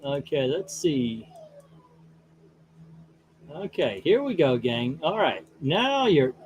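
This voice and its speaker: A folksy, rambling man hosting a comic book channel, talking casually as he reads. His voice sits a little high for a man. He mutters and grumbles at the screen between panels. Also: very animated, takes it slowly, lo-fi sound, slight background noise.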